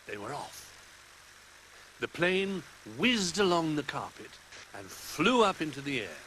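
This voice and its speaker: Male storybook narrator with a bright, expressive tone, hushing for quiet moments. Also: fairly high pitch, a little slow, slight background noise, low-quality recording. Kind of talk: storybook reading for children.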